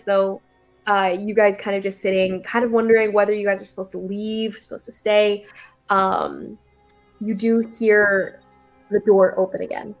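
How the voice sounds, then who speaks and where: Giggly woman narrating as game master. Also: mid-range voice. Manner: chatty, giggly, with many fillers and restarts.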